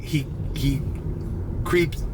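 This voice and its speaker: A young man, congested and sniffly, chatting casually and swearing a lot while driving at night for a rideshare vlog. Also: very slow. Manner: laid-back, swears often, says bro. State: congested, runny nose. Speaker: rideshare driver vlogger. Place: inside a car at night. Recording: faint road and car noise.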